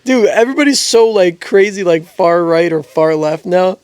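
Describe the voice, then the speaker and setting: Animated young man telling stories. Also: high-pitched, normal speed, clean tone, no room sound, studio quality. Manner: animated storytelling, laughs often. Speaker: podcast co-host. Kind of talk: casual chat.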